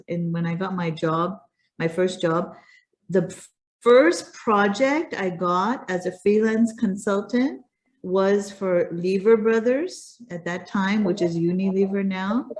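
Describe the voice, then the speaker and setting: A middle-aged woman with an American accent tinged with Pakistani, telling stories as an interview guest in a casual, chatty way full of fillers and restarts. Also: mid-range voice. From United States. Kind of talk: casual conversational storytelling.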